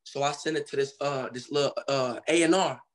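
A man's voice: mid-range voice, fairly even intonation, a little fast. A young man from Cincinnati, Ohio, telling his story as a guest artist in a casual interview, loose and slangy, acting out the people he quotes.

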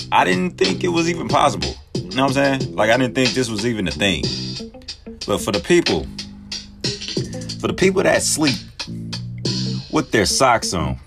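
Deep-voiced guy doing a comedy rant on his podcast, slangy, fake-outraged, music under him. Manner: slangy, exaggerated mock outrage. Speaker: podcast host.

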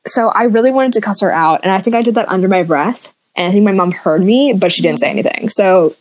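A woman's voice: medium pitch, quick pace. A young woman co-hosting a podcast, chatting casually and telling childhood stories with giggles. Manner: giggly, animated storytelling. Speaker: podcast co-host. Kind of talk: casual chat.

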